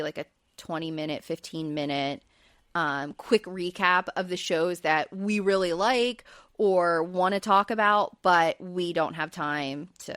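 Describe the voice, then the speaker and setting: A woman's voice: lowish voice, dry recording, studio quality. A woman hosting a podcast and recapping a reality show in casual, chatty talk, with plenty of fillers and light laughs. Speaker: podcast host.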